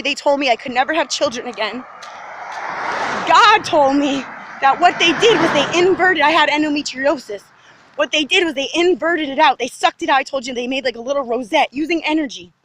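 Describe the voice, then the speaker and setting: A woman with a high, slightly bright voice vlogs outdoors in her neighborhood. Her monologue to the camera is rambling and agitated, emphatic as she skips from topic to topic.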